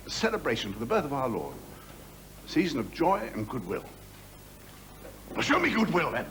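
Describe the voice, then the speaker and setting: A scornful RAF officer barks at his men in a slightly raised voice that rises and falls with anger. The sound is an old 1970s TV film print with music loud behind it. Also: a little high, slight background noise. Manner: barking, scornful officer's tirade. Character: bitter contemptuous male RAF wing commander, middle-aged. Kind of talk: 1970s television drama acting.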